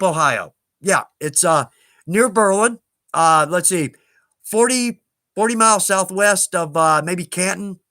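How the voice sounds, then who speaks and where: A man with a Southern US accent and a high, bright, forceful voice hosts a live stream, recorded dry. He chats casually and rambles a bit while answering viewer questions, tossing in self-deprecating asides.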